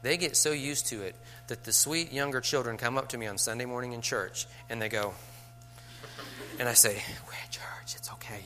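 A man's voice: mid-range voice, normal speed, bright, forceful tone, faint music behind. A middle-aged man, a teacher, talking to fellow teachers in a conversational way, with rhetorical asides and light chuckles.

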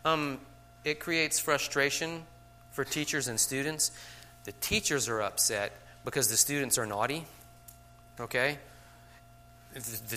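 A man's voice: mid-range voice, pushed and bright, a little hiss or hum. A man giving a conversational lecture to teachers, checking in with "okay?" after many points and acting out classroom scenes. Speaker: teacher trainer.

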